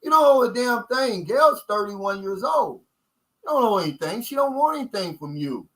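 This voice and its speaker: A man's voice: very high voice, very animated, normal speed, a bit bright, low-quality recording. A man with a Kentucky accent hosting a casual livestream chat, emphatic and folksy, repeating his key points and calling viewers guys. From United States. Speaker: channel host.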